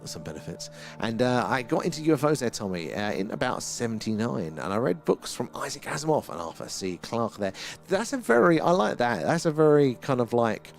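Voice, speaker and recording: A middle-aged Englishman hosts a live stream and chats loosely with viewers, reading their names off the chat and rambling between thoughts. His pitch rises and falls a lot as he talks. Faint music plays underneath him. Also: very animated, a little fast, gravelly. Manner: chatty and rambling, reads out chat names, laughs often. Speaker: livestream host.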